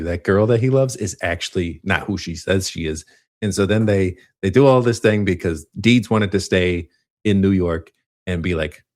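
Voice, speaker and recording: Deep-voiced man rambling through a movie recap. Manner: rambling, self-interrupting, laughs often. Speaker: podcast co-host.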